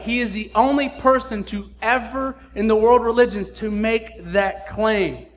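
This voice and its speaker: Man, pastor, sermon, high voice, blunt, emphatic, slangy. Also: fairly even intonation, measured pace, hardly any pauses.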